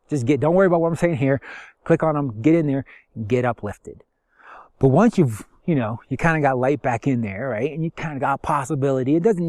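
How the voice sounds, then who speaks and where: A man talks through spiritual ideas in a loose, rambling way, full of fillers and repeated affirmations. His voice sits in a middle pitch. The sound is dry and close, with no room around it. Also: darkish tone, dry recording. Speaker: spiritual teacher. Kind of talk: casual spiritual talk.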